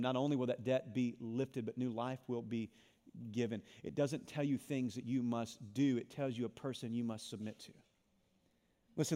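A pastor preaching a sermon to his congregation, swinging between loud emphatic lines and hushed ones. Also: fairly high pitch, big-room sound. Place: church sanctuary.

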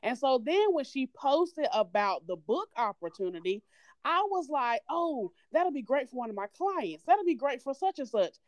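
A woman's voice: high-pitched, big pitch swings, moderate pace, no echo, clean studio sound. A woman from North Carolina with a Southern accent, guesting on a podcast and talking with bubbly enthusiasm. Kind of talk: casual interview.

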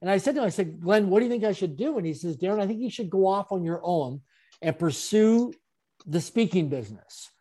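A man, an interview guest and speaker, telling his story in an animated way with frequent chuckles. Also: high-pitched, brisk. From Canada.

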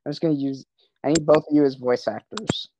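A woman's voice: sits low, fairly even intonation, fast, muffled recording, noisy background. A young woman hosting a podcast in casual chat, rambling and cutting herself off often. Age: young adult. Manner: rambling, self-interrupting. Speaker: podcast host.

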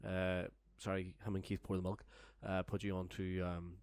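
Young man, low voice, rambling sweary storytelling, dry close sound. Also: monotone, moderate pace, darkish tone, dry recording. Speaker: storyteller guest. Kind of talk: casual podcast anecdote.

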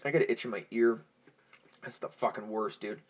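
A man's voice: lowish voice, a little fast. A young man hosting a podcast in a casual, profane, rambling monologue, stoned and easily distracted. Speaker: podcast host.

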